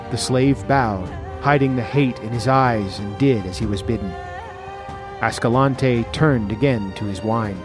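A man's voice: mid-range voice, unhurried, over music. Man narrating a pulp story. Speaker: audiobook narrator. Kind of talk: scripted narration.

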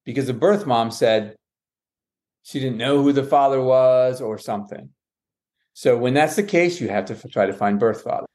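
A man's voice: mid-range voice, moderate pace. A man, a guest on a podcast, telling a long personal story and acting out what others said, with frequent restarts and self-corrections. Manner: lively, quotes others with "she goes" and "I said". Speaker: guest, adoptive father.

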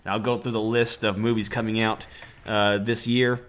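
A young adult man co-hosting a casual podcast chat, rambling with lots of fillers and quick to laugh. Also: on the low side, little pitch movement, a bit bright. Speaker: podcast co-host.

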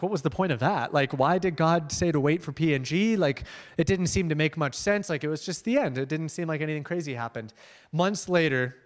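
Upbeat, chatty young male preacher. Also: on the high side. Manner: energetic and conversational, laughing often. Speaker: missionary speaker. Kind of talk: storytelling sermon with slides.

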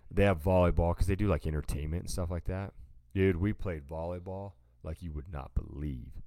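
A man's voice: sits low, a little fast, mellow, no room sound, studio quality. A man co-hosting a podcast, casually telling a rambling story and calling his listener "dude" a lot. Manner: laid-back, rambling, says "dude" a lot. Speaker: podcast co-host.

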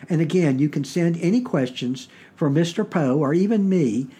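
A man with a Southern US accent hosts a podcast, explaining things in a plain, measured way. His voice is husky and pitched a little high for a man. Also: animated, dark tone. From Virginia, US. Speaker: podcast host.

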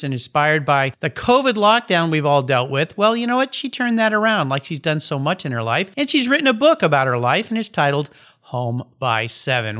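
A man's voice: a little high, bright, forceful tone. A man hosting a podcast, talking with enthusiastic, playful energy and reading ads. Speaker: podcast host. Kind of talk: upbeat podcast interview and ad read.

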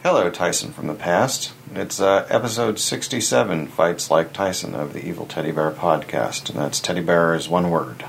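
A man's voice: deep voice, normal speed, creaky, hardly any pauses. A man in his forties co-hosting a podcast, rambling and playful, sometimes slipping into silly voices. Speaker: podcast co-host. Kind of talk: casual chat. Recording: echoey room, distant from mic, faint hiss.

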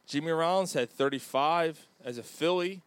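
A man hosting a casual sports chat show, animated and quick to crack jokes, with plenty of profanity. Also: on the high side, smooth, no room sound. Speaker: podcast host.

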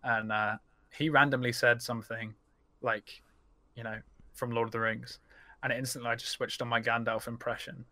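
A young man chats on a podcast as an animated storyteller who swears freely. His voice sits at a middle pitch, recorded dry and close with no room sound. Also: moderate pace, no room sound. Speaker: guest, streamer. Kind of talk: casual podcast chat.

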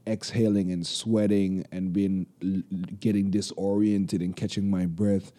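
Dark-voiced man telling stories animatedly. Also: sits low, unhurried. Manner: animated storyteller, acts out voices, swears freely. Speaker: podcast co-host. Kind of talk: casual chat.

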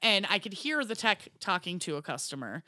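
A woman's voice: medium pitch, sing-song, a little fast, sharp tone, no echo, studio quality. A woman co-hosting a podcast, telling stories in casual chat, laughing often and saying "you know" a lot. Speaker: podcast co-host.

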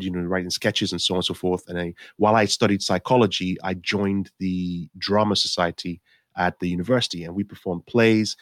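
A man's voice: low-pitched, no room sound, studio quality. A man in his forties from Nigeria, an actor telling his life story in an interview, rambling with many restarts and acting out his own past thoughts. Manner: rambling with frequent restarts and self-corrections. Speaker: actor guest. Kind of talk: conversational storytelling.

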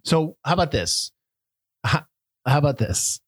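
A man co-hosts a movie podcast, tearing into a film with sarcastic relish. His voice sits a bit high and swings widely in pitch. The sound is dry and close. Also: measured pace, dry recording. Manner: sarcastic, lively critic. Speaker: podcast co-host. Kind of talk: casual movie podcast chat.

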